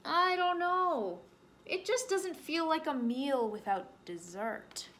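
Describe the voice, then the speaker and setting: Hungry stubborn bear read by a woman, slow and drawn out, fairly high. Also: expressive, fairly bright tone, heavily acted. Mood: insistent.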